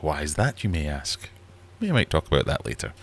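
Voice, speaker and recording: Very low-voiced man rambling self-deprecatingly. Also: big pitch swings, fairly quick, husky. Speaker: livestream host. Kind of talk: casual livestream chat. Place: small warm fish room at home.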